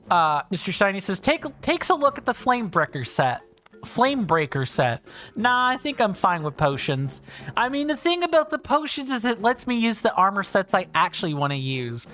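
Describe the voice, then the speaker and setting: A man's voice: sits high, very animated, normal speed, sharp tone, faint music behind. A man chatting casually and rambling while livestreaming a video game, thinking aloud and restarting sentences. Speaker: streamer. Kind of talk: casual livestream chat over gameplay.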